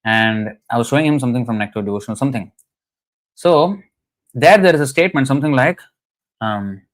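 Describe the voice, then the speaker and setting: A man's voice: medium pitch, moderate pace, long pauses. A man giving a conversational scripture lecture, telling anecdotes in a chatty way with frequent "you know"s. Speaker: scripture class speaker.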